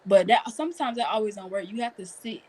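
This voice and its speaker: A teenage girl and high school student, speaking earnestly in casual chat as she gives advice. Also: fast, a little mellow, low-quality recording. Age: teens.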